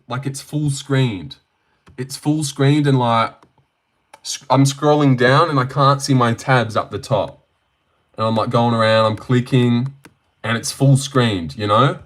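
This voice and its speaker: A man's voice: mid-range voice, fairly bright tone. A young Australian man hosting a casual livestream, rambling, joking and swearing as he answers his chat. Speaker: livestream host.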